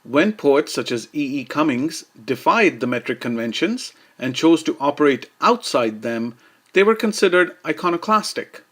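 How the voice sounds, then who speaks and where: A man giving a scripted educational narration about verse, measured and steady, slowing down to recite quoted lines. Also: a little high. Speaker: lecturer.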